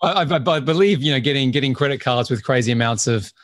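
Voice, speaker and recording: A man hosts an interview and sets up his guest in a relaxed, somewhat hesitant way. His voice is mid-pitched. The recording is dry, with no room sound. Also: quick pace, no echo. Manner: loose, hesitant phrasing. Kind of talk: casual interview chat.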